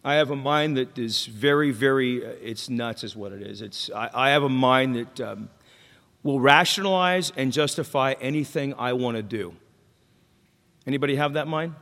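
A man's voice: mid-range voice, moderate pace, a bit bright. A man speaking at a recovery meeting, telling his own story candidly with jokes and questions to the crowd. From Mexican-American. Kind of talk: personal testimony talk. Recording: long hall reverb.

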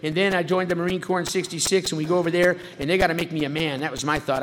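A man talks rapid-fire with few pauses, his voice a little high and fairly bright, his intonation fairly even. He's from California's San Fernando Valley and recounts his life humorously at a recovery meeting, cracking wise and performing quoted voices, in a reverberant hall with faint background noise.

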